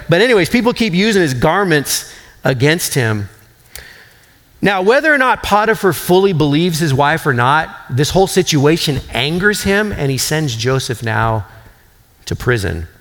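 A man's voice: fairly high pitch, fairly bright tone. A man preaching a sermon in a conversational way, with frequent fillers and restarts. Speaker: pastor. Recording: long hall reverb.

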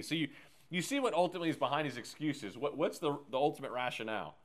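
A man's voice: mid-range voice, expressive, fast, a bit bright. Man teaching a casual Bible class. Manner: conversational, asks the group questions, frequent "okay?" and "right?".

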